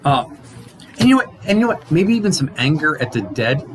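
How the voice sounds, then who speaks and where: Animated man teaching Sunday school. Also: fairly high pitch, brisk, a little hiss or hum, rough recording. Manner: animated, acts out quotes, frequent restarts. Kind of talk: casual Bible lesson.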